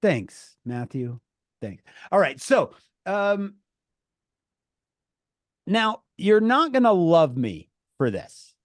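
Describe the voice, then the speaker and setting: A man with a slightly high voice leads an online class for teenagers, telling an animated story and jumping into different voices for the dialogue. His voice comes across dry and close, with no room sound around it. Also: takes it slowly, long pauses, dry recording. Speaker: teacher of teenagers. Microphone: video call.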